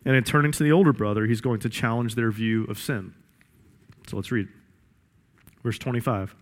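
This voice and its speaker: A male pastor preaches emphatically, repeating his key phrases. His voice sits at a middle pitch. Long hall reverb trails after every line. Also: steady tone, moderate pace. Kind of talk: sermon.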